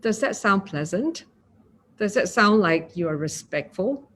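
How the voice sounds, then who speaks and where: A woman with a Singaporean accent giving a gentle mindfulness talk, acting out example phrasings. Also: medium pitch, lively intonation, a little slow. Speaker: meditation teacher.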